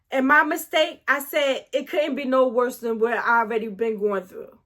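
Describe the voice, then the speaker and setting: A middle-aged woman telling a casual story-time vlog. She speaks animatedly, keeps turning to her viewers with asides, and restarts her sentences often as she gets excited. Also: fairly high pitch, normal speed. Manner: animated, talks straight to viewers with frequent asides.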